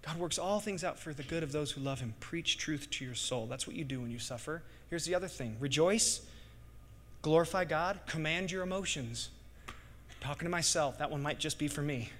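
Fervent pastor preaching in an echoing hall. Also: male voice, a little high, a little fast. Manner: impassioned, swings from hushed to loud bursts. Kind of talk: sermon. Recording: long hall reverb.

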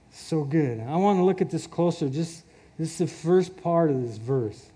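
Earnest male preacher, high-pitched and unhurried, prone to small laughs. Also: expressive, dark tone, slightly rough. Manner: earnest, chuckles often, repeats words. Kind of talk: sermon.

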